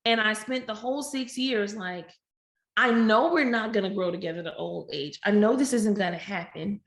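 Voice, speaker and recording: A woman's voice: medium pitch, normal speed, vocal fry. Woman storyteller in a roomy echo. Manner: animated, acts out quoted dialogue with shifting voices. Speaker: podcast guest. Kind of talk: candid personal storytelling.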